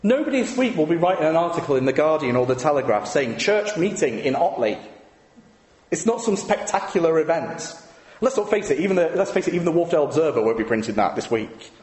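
Fast and very animated, this man's slightly high, darkish voice drives a conversational church sermon. He keeps asking the congregation rhetorical tag questions, and the echoey hall leaves a long reverb.

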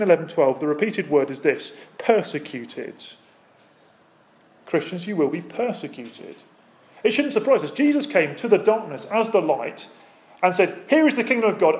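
A male pastor delivering a sermon, his voice sitting a little higher than most men's. He preaches with emphatic, rising and falling intensity. He keeps asking the congregation rhetorical questions. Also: a little mellow.

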